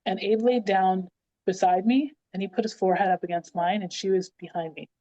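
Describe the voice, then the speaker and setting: This woman, a Canadian podcast guest, speaks fairly quickly at medium pitch while telling a casual, animated story. "Like" comes up a lot, and she acts out people's lines; the audio is dull and has no room sound.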